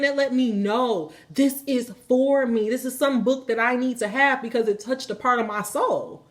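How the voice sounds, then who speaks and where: A woman hosting a spiritual reading, telling a personal story in casual, animated speech with lots of swearing. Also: sits high. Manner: animated, swearing freely, colloquial.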